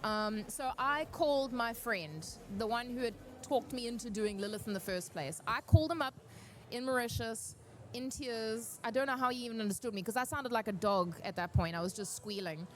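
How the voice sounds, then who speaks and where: A woman speaking on a cosplay panel, giving earnest, encouraging advice and telling stories in an animated way. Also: fairly high pitch, normal speed, slight background noise.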